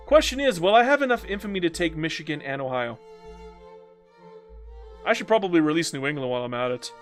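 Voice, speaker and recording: A man's voice: a little high, lively intonation, a little fast, pauses often, soft background music. A man streaming a strategy game, chatting casually, joking and reading viewer comments aloud. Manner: chatty, joking, reads chat aloud, breaks into silly mock voices. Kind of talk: live gameplay commentary.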